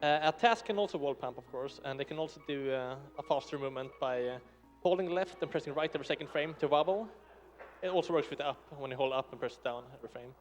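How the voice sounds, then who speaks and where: A man's voice: a little high, fast, faint music behind. A man commentating a speedrun live, casually explaining technical gameplay tricks.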